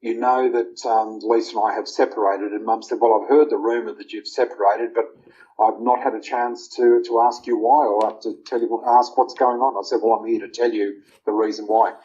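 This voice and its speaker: A man's voice: lowish voice, level tone, normal speed, mellow. A middle-aged Australian man, an interview guest, earnestly telling a heartfelt personal story and retelling family conversations in detail. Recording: slightly muffled lo-fi audio.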